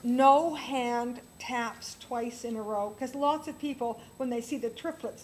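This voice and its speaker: A woman's voice: on the high side, measured pace, few pauses, slight background noise, low-quality recording. A woman piano teacher leading a workshop for other teachers, enthusiastic and counting rhythms aloud.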